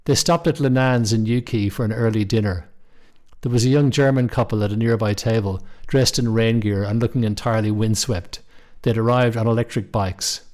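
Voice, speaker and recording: A middle-aged man, reading a short story aloud in a calm, measured way. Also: fairly low pitch. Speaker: narrator.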